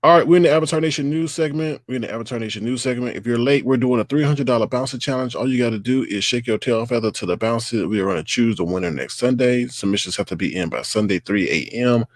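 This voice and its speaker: A man with a mid-range voice talks fast, hardly pausing, as he rants and mockingly impersonates people on his casual live online show. He uses a computer mic, and the sound comes across dry and clean, like a studio.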